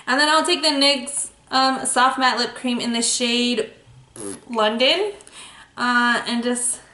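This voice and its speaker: A woman's voice: fairly high pitch, slow pace, bright, forceful tone. A young woman talking casually through her makeup routine as a beauty vlogger, playful and self-mocking in her asides. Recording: echoey room.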